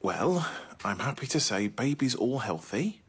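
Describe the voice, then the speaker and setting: A man's voice: medium pitch, very animated, unhurried, a bit bright, breathy edge, full character voice. An actor playing a kindly doctor who stumbles and hesitates over his words. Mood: awkward. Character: awkward kindly male doctor giving news.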